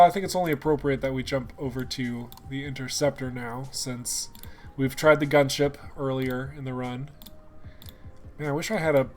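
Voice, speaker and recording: A young man giving casual live commentary on a game, chatting with viewers. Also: mid-range voice. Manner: chatty, talks to chat viewers by name. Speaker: gameplay streamer.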